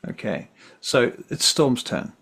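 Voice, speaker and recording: A man's voice: takes it slowly, fairly bright tone. A man running a tabletop game as game master, easygoing and thinking aloud as he tallies dice.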